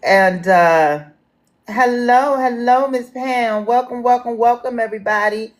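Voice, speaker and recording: A woman's voice: fairly high pitch, unhurried. A woman with a Washington D.C. accent moderating a livestream town hall, chatting folksy and casual with viewers. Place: home in Washington D.C.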